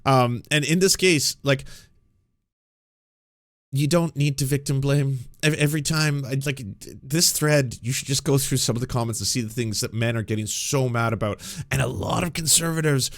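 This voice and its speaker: A man's voice: mid-range voice, moderate pace, no echo. Profane, sarcastic man in a dry room. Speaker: political commentary host. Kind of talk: ranting commentary.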